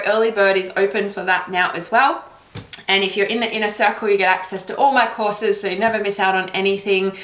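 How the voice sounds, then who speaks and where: A woman's voice: medium pitch, fairly bright tone. A woman giving a spiritual card reading, talking in an affirming, encouraging way and laughing often. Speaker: intuitive card reader. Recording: roomy echo.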